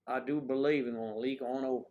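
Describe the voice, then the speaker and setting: Guy rambling on his livestream, joking around, mid-pitched voice, chatty and loose. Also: steady tone, fast talker, darkish tone, dull audio. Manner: playful, rambling, teasing asides. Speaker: livestream host. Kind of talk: casual livestream chat.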